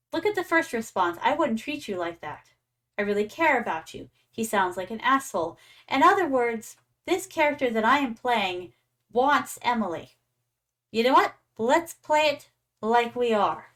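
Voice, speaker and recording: A woman's voice: a little high, fairly bright tone. A young adult woman streaming a game, chatting playfully and calling her viewers "my darlings". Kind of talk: casual gaming stream chat.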